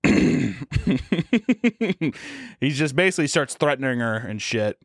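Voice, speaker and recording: A man's voice: medium pitch, animated, a little slow, vocal fry, a bit bright, no room sound, studio quality. A man co-hosting a podcast, chatting casually and slipping into mock voices as he riffs on a bit. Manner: slips into mock character voices mid-story. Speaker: podcast co-host. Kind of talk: casual chat, acting out bits.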